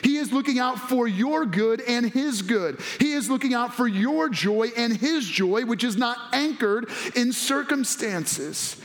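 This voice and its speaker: A male pastor with a strikingly high voice preaches a sermon. He is excitable and animated, dropping to hushed asides and then rising to loud exclamations. His delivery sounds half-laughing. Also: unhurried, hardly any pauses.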